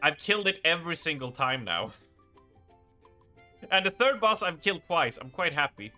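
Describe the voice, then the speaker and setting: Over soft background music, a man streaming a game chats loosely with his audience, cracking jokes, rambling and frequently laughing at his own expense. His slightly high voice moves at normal speed, with a sharp tone and big swings in pitch.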